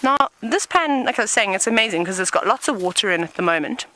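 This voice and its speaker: A woman's voice: medium pitch, animated, quick pace, a bit bright, rough recording. A woman, a safari guide talking viewers through a live walk outdoors, chatty and explaining as she goes, sometimes dropping to a whisper. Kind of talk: live nature broadcast on foot. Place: outdoors in the bush.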